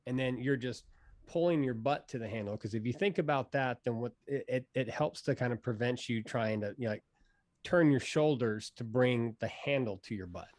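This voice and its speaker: A man talks through wakeboard tricks in a loose, rambling way, pausing on "uh" and "you know". His voice sits in a middle pitch. The recording is close and dry. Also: no echo. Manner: relaxed, rambling, many fillers. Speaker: pro hydrofoil rider, guest. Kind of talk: casual instructional interview.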